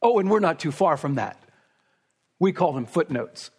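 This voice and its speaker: A man preaching an expository sermon, speaking emphatically and building to forceful peaks on repeated phrases. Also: fairly high pitch, sing-song, moderate pace, slightly rough.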